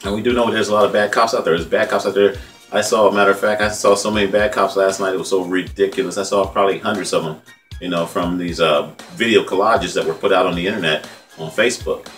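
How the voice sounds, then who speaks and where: Male vlog host, 50s, from California: rambling heartfelt commentary, low voice, quick delivery, set back from the mic with faint music under it. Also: fairly even intonation, a bit bright, recorded from a distance. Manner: conversational, repetitive, heartfelt, says "man" often. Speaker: independent journalist and vlog host.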